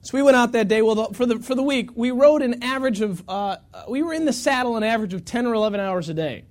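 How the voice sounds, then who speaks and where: A pastor telling a long, self-mocking story during a sermon, acting out the quotes with lots of energy. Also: male voice, very high-pitched, fast talker, darkish tone.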